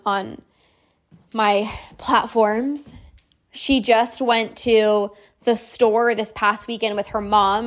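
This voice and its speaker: Hosting her own show, a binge-eating coach talks up her program in a promotional monologue, cheerful and leaning heavily on "like." Her pitch sits a little above typical for a woman, and her delivery feels relaxed and persuasive instead of rehearsed.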